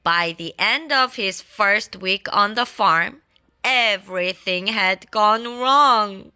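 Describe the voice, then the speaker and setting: Bright-voiced woman reading a children's storybook. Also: mid-range voice, takes it slowly, smooth. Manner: playful and expressive, adds sound effects. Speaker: storybook reader. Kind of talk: children's storybook read-aloud. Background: faint classical background music.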